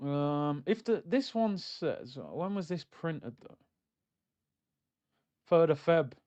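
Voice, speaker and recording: A young man reacting live to a football match on stream, swinging between loud outbursts and low muttering. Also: lively intonation, takes it slowly, dull audio. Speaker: watchalong streamer.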